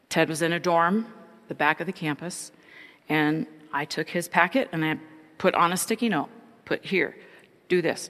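Earnest middle-aged woman, gravelly low voice. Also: a bit bright, big-room sound. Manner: earnest, reflective. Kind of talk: personal testimony.

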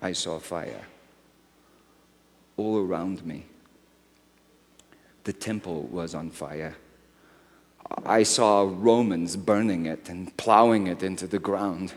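An actor playing aged Simeon in a dramatic first-person monologue, impassioned and rising to shouts. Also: male voice, low voice, slow, pauses often, a little hiss or hum. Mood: weary. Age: older. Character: aged devout man, weary then awestruck. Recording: reverberant hall.

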